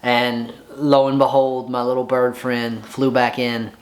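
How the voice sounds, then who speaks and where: A man talking casually in a home garage vlog as a motorcycle mechanic, exasperated and excitable, with a rambling way of talking. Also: medium pitch, measured pace.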